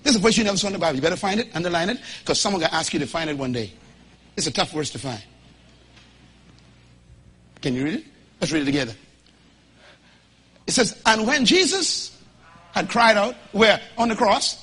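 A man from the Bahamas, preaching a sermon in an emphatic, folksy and humorous way that builds to shouting as he urges the congregation to respond. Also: high voice, animated, fairly quick, long pauses, husky.

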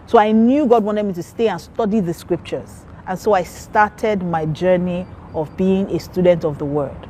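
A woman giving a sermon testimony, telling her story with animated, acted-out quoted voices. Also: fairly low pitch, moderate pace, a little hiss or hum.

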